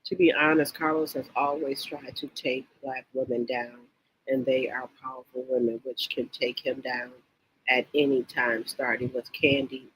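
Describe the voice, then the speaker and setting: A woman hosting a casual livestream, reading viewer comments aloud and gossiping about reality TV in an animated, repetitive, exclamatory way. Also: rumbling low, moderate pace, breathy edge, rough recording. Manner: animated, exclaims and repeats herself, reads chat comments aloud.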